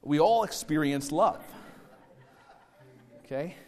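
A man's voice: on the high side, expressive, takes it slowly, faint music behind. Emphatic male pastor in a reverberant hall. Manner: emphatic preaching that swings between loud stressed words and quiet asides. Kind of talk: sermon.

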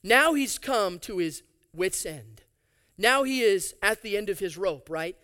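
A man preaching a sermon, reading scripture aloud and adding animated, sarcastic asides. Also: high-pitched, unhurried, smooth. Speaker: pastor.

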